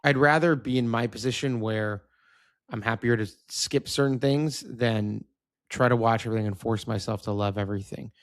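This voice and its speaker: Thirties male co-host, relaxed agreeable chatter, average pitch, dry recording. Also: normal speed, dry recording. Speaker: podcast co-host. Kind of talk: casual chat.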